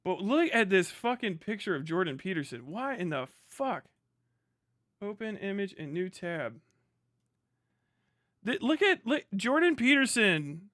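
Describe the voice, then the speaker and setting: A man's voice: high-pitched, measured pace, pauses often, dry recording, clean studio sound. A man streaming live, chatting casually, swearing constantly and laughing often. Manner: profane, excitable, laughs often.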